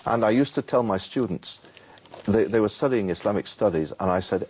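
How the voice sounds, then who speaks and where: A man explaining how to invite people to Islam, telling a lively story and acting out a street vendor's calls. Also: fairly low pitch, a little fast, husky. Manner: animated, repeats words, acts out a street vendor's calls. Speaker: Muslim preacher guest.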